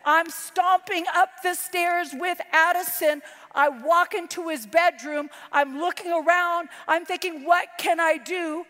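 A woman preaching a sermon, telling a personal story that swings from loud to hushed. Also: extremely high pitch, steady tone, a little slow, hardly any pauses. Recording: long hall reverb.

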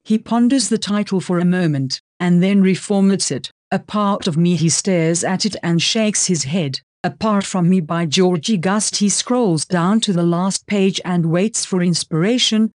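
Woman reading a novel aloud, low voice, dry close mic. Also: unhurried, hardly any pauses, darkish tone, no echo. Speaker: audiobook narrator. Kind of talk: scripted narration.

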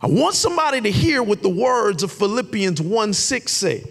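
A man preaching a sermon as a pastor, building to shouted emphasis and sometimes singing out his phrases. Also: high-pitched, very animated, normal speed, few pauses, soft background music. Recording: long reverb of a large hall.

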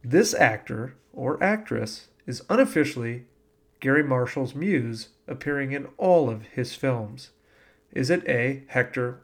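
A man's voice: medium pitch, moderate pace. A man hosting a casual podcast, running a trivia quiz and laughing often as he jokes. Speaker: podcast host.

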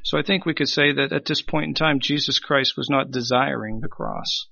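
A man delivers a sermon in a bright, forceful voice that rises on key phrases and sinks low at their close. The sound is dry and a little dull, like a lo-fi recording. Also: normal speed, vocal fry, breathy edge, no echo. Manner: emphatic preaching, swelling louder on key phrases and dropping low at ends. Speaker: pastor.

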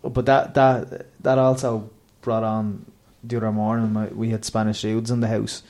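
A man's voice: fairly low pitch, flat delivery, moderate pace, a little mellow. A man, co-hosting a casual podcast chat and telling rambling, laugh-filled stories. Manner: rambling, storytelling, laughing often. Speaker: podcast co-host.

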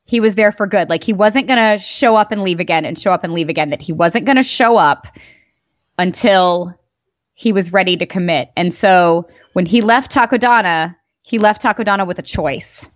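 A woman telling stories in casual fan chat, animated and emphatic, her voice jumping up for emphasis. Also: mid-range voice, normal speed, dry recording. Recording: dull lo-fi dry mic.

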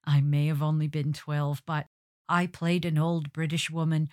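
A woman's voice: low-pitched, completely flat delivery, normal speed, darkish tone, no echo. Dry-voiced wry woman podcast host. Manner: wry, storytelling, hits hard g's. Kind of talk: scripted podcast monologue.

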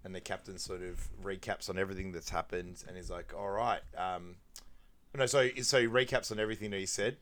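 A man's voice: low voice, steady tone, a little fast, fairly bright tone. A man co-hosting a podcast, casually recapping a film scene by scene and quoting lines with a laugh. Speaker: podcast co-host.

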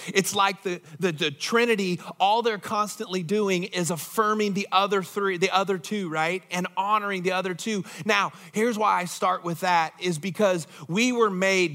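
A man's voice: sits high, bright, forceful tone. A man preaching a sermon as pastor in a conversational way, often asking the congregation questions.

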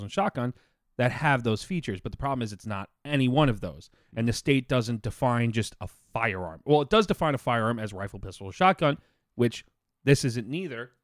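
A man's voice: mid-range voice, dry recording, studio quality. A man co-hosting a podcast, chatting casually and swearing now and then. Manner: conversational, swears casually, talks while eating. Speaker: podcast co-host. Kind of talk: casual chat. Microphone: close podcast mic.

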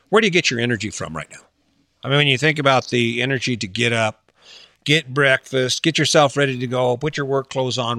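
A man's voice: medium pitch, bright, forceful tone, dry recording, clean studio sound. A man giving a casual motivational talk, blunt and full of rhetorical questions, with some swearing and mocking quoted voices.

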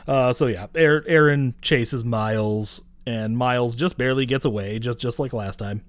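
A man's voice: medium pitch, moderate pace, no echo. A man co-hosting a podcast, casually recapping a movie scene by scene and swearing often. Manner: profane, animated retelling with quoted voices. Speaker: podcast co-host.

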